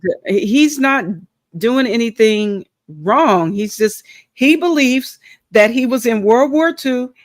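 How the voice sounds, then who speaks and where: Lively woman host telling stories. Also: on the high side, slow pace, dry recording, clean studio sound. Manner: lively storyteller, laughs often. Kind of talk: casual storytelling chat.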